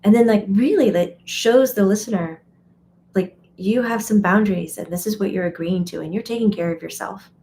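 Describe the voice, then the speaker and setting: A woman speaks casually to her live stream audience in an ordinary mid-range voice. She is chatty and animated, often acting out what other people say and laughing. A faint background noise sits under the recording. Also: medium pitch, moderate pace. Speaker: medium and teacher. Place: home or studio, live stream.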